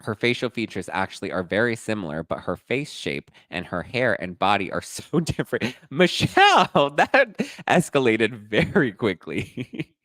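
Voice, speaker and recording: A man's voice: low-pitched, lively intonation, fairly quick, few pauses, a bit bright, dry recording. A man hosting a casual live gossip chat, sassy and dishy, reading and reacting to viewer comments. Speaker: host.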